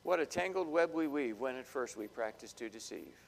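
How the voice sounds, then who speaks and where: A man preaching a sermon, dramatic, swinging between loud bursts and hushed asides. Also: medium pitch, animated, brisk, creaky. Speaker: pastor. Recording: long hall reverb.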